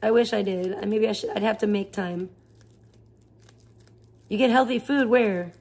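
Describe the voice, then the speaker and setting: A woman's voice: medium pitch, normal speed, creaky, a little mellow. A woman live streamer chatting casually, rambling and swearing as she rants in exasperation. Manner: rambling, profane, exasperated ranting. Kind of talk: casual chat.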